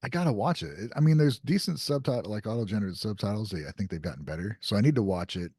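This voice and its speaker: A man with a low, slightly husky voice chats easily as a podcast co-host. He sometimes reads news items aloud in an unhurried tone. The sound is close and dry. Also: animated, mellow, dry recording. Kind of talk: casual chat.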